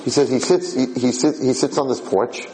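A man's voice: mid-range voice, moderate pace, long reverb tail, slight background noise, rough recording. A man teaching an informal Torah class as a rabbi, telling stories animatedly and repeating himself. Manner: animated storyteller, repeats and restarts phrases.

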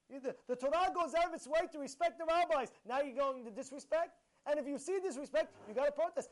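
A man teaching a short Torah lesson, emphatic and animated, firing rhetorical questions and repeating himself. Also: very high-pitched, fast talker, hardly any pauses. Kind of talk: informal Torah talk.

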